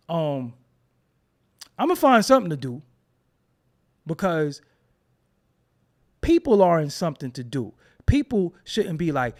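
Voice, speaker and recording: Animated man ranting, high lively voice. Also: a little slow, long pauses. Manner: animated, emphatic, swears freely, repeats words when heated. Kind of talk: casual profane rant.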